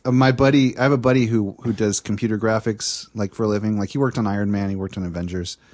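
A man's voice: fairly low pitch, fairly even intonation, quick pace, darkish tone. A man co-hosting a podcast, chatting casually in a rambling, profane, self-deprecating way. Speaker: podcast co-host. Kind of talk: casual chat.

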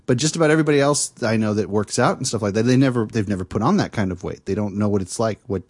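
A man's voice: fairly low pitch, racing, a little mellow. A man co-hosting a podcast, chatting casually in a rambling, profane, self-deprecating way. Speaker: podcast co-host. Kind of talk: casual chat.

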